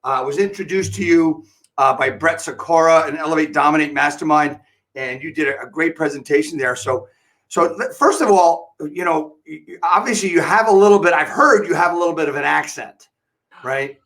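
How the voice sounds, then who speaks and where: A man's voice: fairly high pitch, fairly quick, a bit bright. A man hosting an interview show, rambling and restarting his questions. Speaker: host. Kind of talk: casual interview chat.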